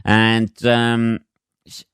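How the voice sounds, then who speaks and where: A man's voice: medium pitch, monotone, drawn-out words, a bit bright, clean tone, no echo, studio quality. A man, a comedian hosting his own podcast, telling stories in a sweary, ranting, self-mocking way. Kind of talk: solo comedy podcast monologue.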